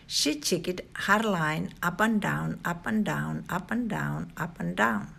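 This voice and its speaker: Slow, gravelly woman reading a storybook. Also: on the low side. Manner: slow, deliberate and expressive. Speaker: storybook reader, channel host. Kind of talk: children's read-aloud narration.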